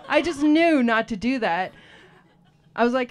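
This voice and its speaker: A woman tells a self-deprecating stand-up story, taking her time. Her voice sits a little high and her delivery is dry and wry. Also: expressive, measured pace, long pauses. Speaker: stand-up comic. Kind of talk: stand-up set. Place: outdoor alleyway stage.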